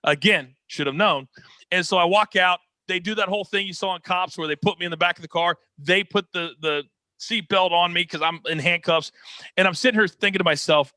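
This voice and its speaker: A man telling a dramatic story as an interview guest, energetic and expressive, on a close podcast mic. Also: high voice, fairly quick, no echo. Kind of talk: animated storytelling.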